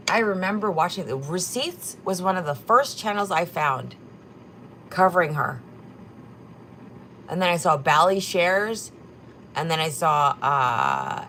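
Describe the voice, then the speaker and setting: A woman's voice: low voice, fairly bright tone, slight background noise, poor audio. A woman hosting a livestream, chatting casually and gossiping about clips, swearing now and then. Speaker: livestream host.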